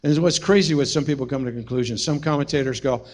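A man's voice: on the high side, a little fast, few pauses. A man preaching a sermon as pastor, telling stories with humorous asides. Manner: storytelling, humorous, animated asides.

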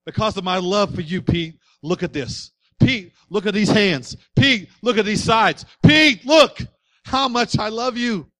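A man's voice: sits high, slow pace, long pauses, no room sound. A man preaching in the voice of a tender, pleading risen teacher who shows his wounds, speaking with rising intensity. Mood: pleading, impassioned.

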